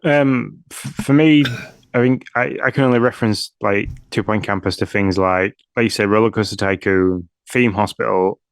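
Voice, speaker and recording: A man's voice: lowish voice, fairly even intonation, moderate pace, no room sound. A man co-hosting a gaming podcast, chatting in an easygoing way. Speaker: podcast co-host. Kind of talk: casual gaming podcast chat.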